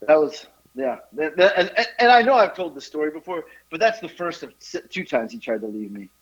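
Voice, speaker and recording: Animated, laughing man telling a story. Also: on the high side, a little fast. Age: 40s. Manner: animated, laughing, profane anecdote telling with rambling restarts. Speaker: podcast host. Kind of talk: casual storytelling chat. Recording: dull lo-fi podcast audio.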